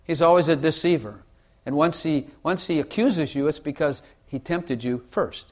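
A man's voice: a little high, normal speed, darkish tone. A man teaching the Bible in casual conversation, emphatic, repeating phrases for effect and playing with inflection to make his points.

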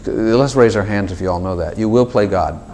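A man's voice: fairly low pitch, fairly quick, noisy background. A man giving an informal sermon to a small group, talking straight to his listeners with lots of asides and little acted dialogues. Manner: animated, talks directly to listeners with frequent asides and acted dialogues. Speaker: preacher.

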